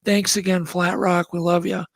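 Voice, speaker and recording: A man's voice: sits high, level tone, moderate pace, creaky, dry recording. A man hosting a radio talk show, signing off in an earnest, thankful way. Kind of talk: show sign-off chat.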